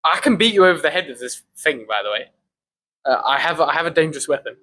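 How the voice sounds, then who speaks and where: A young man co-hosting a casual podcast, agreeable and joking, often answering with a quick yeah. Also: fairly high pitch, animated, pushed and bright. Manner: agreeable, many short yeahs, joking. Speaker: podcast co-host. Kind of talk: casual chat.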